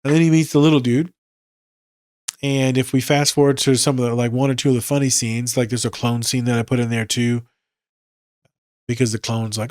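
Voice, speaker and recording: A man's voice: medium pitch, steady tone, brisk, long pauses, a little mellow, no echo. Tired male therapist-host, loose profane chat, dry recording. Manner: casual, profane, conversational. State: tired, yawning. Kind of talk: casual solo podcast talk.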